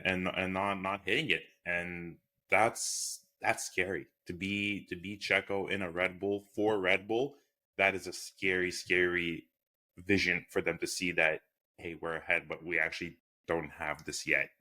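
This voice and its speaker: A man co-hosting a casual podcast, speaking haltingly and repeating his words. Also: low-pitched, fairly even intonation, pushed and bright. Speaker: podcast co-host. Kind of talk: casual chat.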